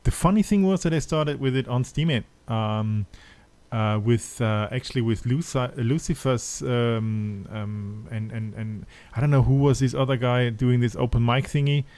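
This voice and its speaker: A man's voice: mid-range voice, moderate pace, darkish tone. A man with a German accent hosting a podcast in casual chat, hesitant with many fillers and restarts. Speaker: podcast host.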